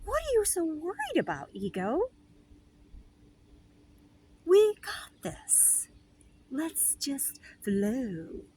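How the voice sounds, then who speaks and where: A woman voicing her own calm, carefree inner spirit, slow and reassuring. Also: sits high, slight background noise, pitched above the performer's own voice, heavily acted. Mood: soothing.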